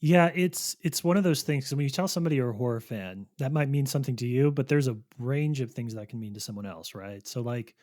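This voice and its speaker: A man's voice: medium pitch, fast, few pauses, a little mellow, dry recording. Male podcast host, mid-range voice, dry close sound, loose rambling talk. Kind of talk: casual podcast chat.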